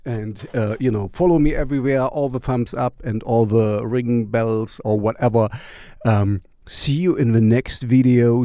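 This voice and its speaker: A man's voice: medium pitch, a little slow, dark tone, dry recording, clean studio sound. A man casually recommending music in a vlog, rambling and playful and full of fillers. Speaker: music vlogger.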